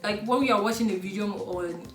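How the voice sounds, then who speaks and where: Nigerian woman, casual chat, blunt, animated, echoey room. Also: mid-range voice, fairly quick, over loud music.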